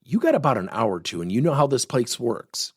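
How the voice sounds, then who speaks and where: A middle-aged man giving a workplace coaching lesson, telling stories and acting out the dialogue with lively energy. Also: mid-range voice, fairly quick, breathy edge, dry recording, clean studio sound. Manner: animated, acts out quoted dialogue.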